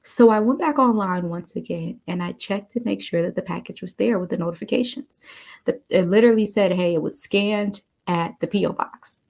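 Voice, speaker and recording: Woman, motivational talk, animated storytelling, gravelly fry in her voice. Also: lowish voice. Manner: animated, chatty, addresses listeners as "you all". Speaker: motivational speaker.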